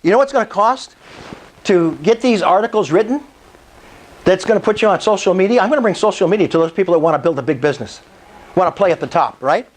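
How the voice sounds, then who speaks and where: A man giving a live sales presentation at an investors' meetup, excitable and pushy, often asking the room if it's cool. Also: high-pitched, quick pace, poor audio.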